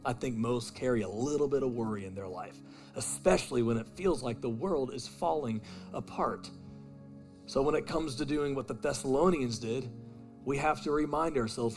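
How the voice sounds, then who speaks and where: Preaching pastor, loud then hushed. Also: male voice, mid-range voice. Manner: swings from loud emphatic preaching to quiet intimate asides; casual storytelling with "man" and "dude". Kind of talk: sermon.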